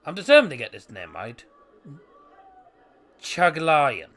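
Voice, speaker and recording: A man's voice: medium pitch, unhurried, some chatter behind. A young man hosting a live football watchalong, reading chat and reacting to the match. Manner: excitable, rises to shouts at chances; fumbles over name pronunciations.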